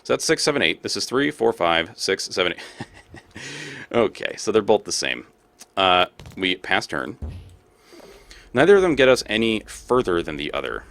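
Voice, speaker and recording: A man's voice: fairly low pitch, very animated, moderate pace, creaky, long pauses, a bit bright. A young man casually commenting on his own gameplay as a let's play host, thinking aloud and laughing often.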